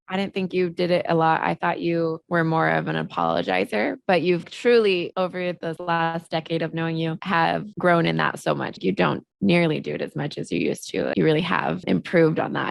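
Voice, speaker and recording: A woman's voice: lowish voice, moderate pace, gravelly, few pauses, no room sound. A woman co-hosting a podcast in casual chat, reflective and hesitant, often hedging what she says. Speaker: podcast co-host.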